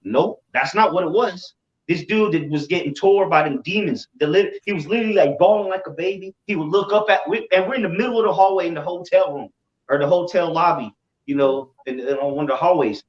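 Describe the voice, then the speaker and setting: Animated storyteller man in a roomy echo. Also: fairly high pitch, fairly quick. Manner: animated, repeats himself, swears. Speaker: religious group member. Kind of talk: casual storytelling. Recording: roomy, distant, dull sound.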